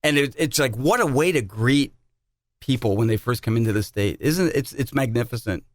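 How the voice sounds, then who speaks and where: A middle-aged man from New Jersey, USA co-hosts a casual podcast, telling stories chattily and repeating words as he goes. His mid-range voice is expressive and fairly quick, with no room sound.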